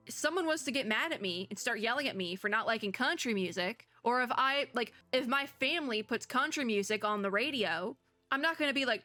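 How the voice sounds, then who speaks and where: Chatty woman streamer, giggly, bright, close dry sound. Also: fairly high pitch, no room sound. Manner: chatty, filler-heavy, giggly. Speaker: VTuber streamer. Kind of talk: casual gameplay commentary.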